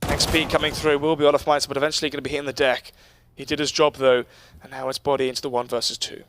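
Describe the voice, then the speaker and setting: A man casting an esports match as play-by-play commentator, quick and joking. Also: medium pitch, flat delivery, fairly bright tone, slight background noise. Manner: quick, joking, laughs often. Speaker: esports caster.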